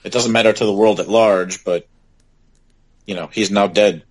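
A man's voice: on the low side, fairly even intonation, moderate pace, no echo, low-quality recording. A man co-hosting a podcast in casual chat, talking thoughtfully and asking reflective questions. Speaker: podcast co-host.

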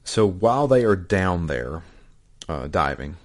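A man with a very low, deep voice talks through a game's story in a loose, chatty way. He rambles, restarts sentences and fills pauses with ums and uhs. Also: big pitch swings, a little mellow. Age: adult, married. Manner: rambling, halting, many fillers and restarts. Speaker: podcast co-host recapping a game. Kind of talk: casual chat.

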